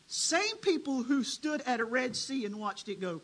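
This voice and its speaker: A preacher delivering a dramatic sermon, swinging between hushed and loud. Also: sits high, big pitch swings, moderate pace, hardly any pauses, low-quality recording.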